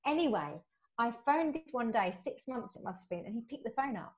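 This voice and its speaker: A woman guest in a conversational interview, telling stories in an animated way and acting out the dialogue. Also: fairly quick. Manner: animated, acts out quoted dialogue with rising pitch. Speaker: podcast guest. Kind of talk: conversational storytelling.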